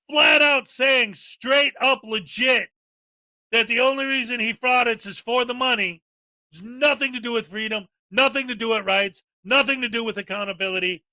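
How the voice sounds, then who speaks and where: A man's voice: very high-pitched, pushed and bright, no echo. A man hosting a daily live-stream, ranting with indignant sarcasm. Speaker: live-stream commentary host.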